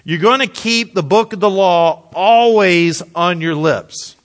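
A man's voice: sits high, takes it slowly. A man preaching a sermon in a conversational way, repeating phrases and speaking straight to his listeners. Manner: mutters scripture quietly. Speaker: pastor.

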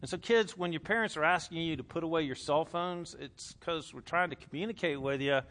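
A male pastor delivers a lively sermon. His voice sits a little high and rings bright and forceful. He reads scripture with strong emphasis and puts questions to the congregation. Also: a little fast.

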